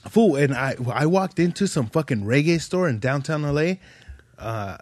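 Slangy, profane man with a higher voice. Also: expressive, normal speed, a little mellow, dry recording. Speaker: podcast guest. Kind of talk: casual storytelling.

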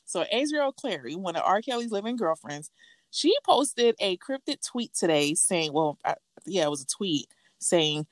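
Woman co-host, casual gossip storyteller, acts out quotes, slightly low voice, dry close mic. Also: lively intonation, normal speed, no echo.

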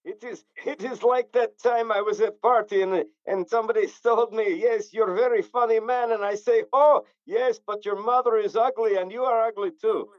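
A man's voice: high voice, fairly even intonation, moderate pace, hardly any pauses, dry recording, natural voice. Joking Eastern European braggart, put on by a man, broken English, dry and slightly dull sound. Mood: boastful. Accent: put-on Eastern European accent. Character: boastful male Eastern European joker.

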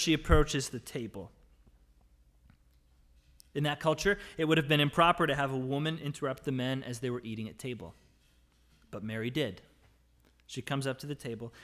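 A male pastor delivering a church sermon, reading scripture and explaining it, swinging between emphatic lines and quiet, soft endings. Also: fairly high pitch. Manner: expository preaching, reading scripture aloud and explaining it; dynamic delivery, rising for emphasis and dropping to soft, quiet phrases.

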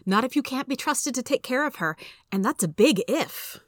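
A woman voices a stern, doubtful mother in a firm mood, pitching her expressive voice high, above her own natural register, at a moderate pace. The studio-quality recording has no room sound.

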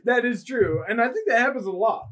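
A man's voice: extremely high pitch, lively intonation, brisk, a crowd in the background. A man co-hosting a casual podcast, laid-back and laughing often. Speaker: podcast co-host.

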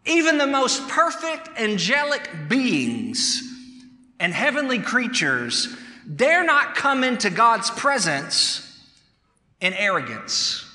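A man preaching a sermon, emphatic, repeating words for stress and rising to loud calls. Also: very high-pitched, wildly swooping pitch, slow pace. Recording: echoey hall sound.

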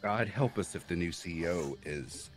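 Deep-voiced joking man in a chat. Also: expressive, moderate pace, over music. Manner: jokey, laughs often. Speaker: co-host on a chat stream. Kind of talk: casual group chat.

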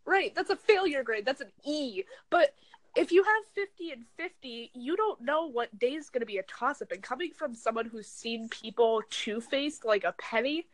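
A young woman with a very high voice hands out blunt, joking advice in a slangy, casual way. Her voice is recorded close and dry. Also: lively intonation, normal speed, no echo, rough recording. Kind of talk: casual chat among friends.

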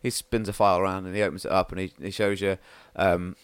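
A man running a tabletop game as game master, narrating scenes with halting restarts and frequent laughter. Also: low voice, flat delivery, clear, resonant tone, no room sound.

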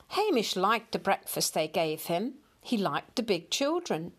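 Slow, expressive woman reading a storybook. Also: medium pitch, husky. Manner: slow, expressive read-aloud.

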